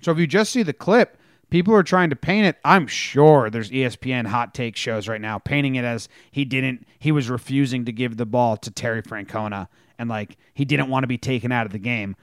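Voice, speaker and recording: Male sports podcaster, animated storyteller, dry studio sound. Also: medium pitch, a little fast, clear, resonant tone, no room sound. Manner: animated storytelling, acts out players' lines. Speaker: podcast co-host. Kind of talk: casual sports chat.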